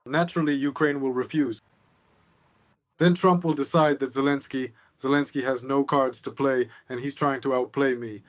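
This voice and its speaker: A man's voice: mid-range voice, steady tone, normal speed, no room sound. A man giving political analysis as an interview guest, sardonic and expansive.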